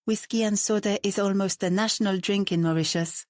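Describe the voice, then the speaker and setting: Woman reading a relaxed, chatty woman guest. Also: medium pitch, a little fast, dry recording, studio quality, lightly acted.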